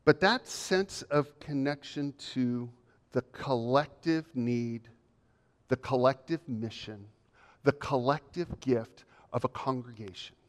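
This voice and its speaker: A male pastor delivers a measured, emphatic sermon full of repeated phrases. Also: medium pitch. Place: church sanctuary. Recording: long reverb of a church hall.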